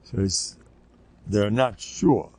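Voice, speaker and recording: An older American rabbi gives a rambling, informal lecture packed with anecdotes and Yiddish words, sometimes squeaking out children's voices. He speaks at a slow pace with a slightly mellow tone.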